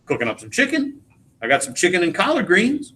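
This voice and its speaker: A teacher reading aloud as a patient, no-nonsense middle-aged wife with a calm, dry manner. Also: male voice, high-pitched, brisk, heavily acted. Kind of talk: dramatic read-aloud of a play.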